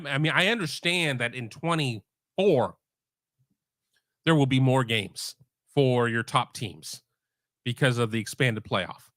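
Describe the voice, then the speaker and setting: A man's voice: on the high side, fairly bright tone, no echo, studio quality. A middle-aged man hosting a sports talk stream from home, rambling casually with frequent restarts. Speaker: sports podcast host. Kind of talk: casual live-stream chat. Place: home room.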